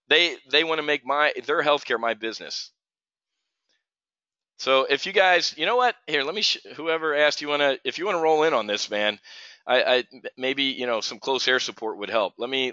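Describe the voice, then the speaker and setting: A man's voice: medium pitch, bright, forceful tone, no echo. A middle-aged man from New Jersey hosting a live options trading stream, ranting and replying to viewers in chat by name. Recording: dull lo-fi stream audio.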